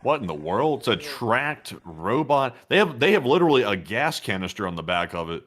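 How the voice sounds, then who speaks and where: A man's voice: medium pitch, sing-song, a little fast, fairly bright tone. A man co-hosting a casual news commentary show, reacting with exclamations and repeating himself. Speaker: co-host.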